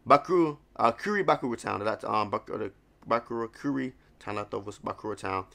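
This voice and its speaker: A man's voice: fairly low pitch, a little fast, vocal fry, fairly bright tone. A man hosting a live manga reaction, talking casually and animatedly as he reads panels aloud and exclaims at them. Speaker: manga reaction video host.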